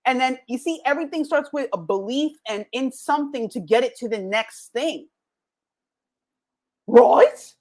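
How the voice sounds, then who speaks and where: A woman's voice: sits high, expressive, a little fast, hardly any pauses. A woman hosting her own podcast, giving a jokey motivational talk and acting out quoted voices as she goes. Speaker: podcast host.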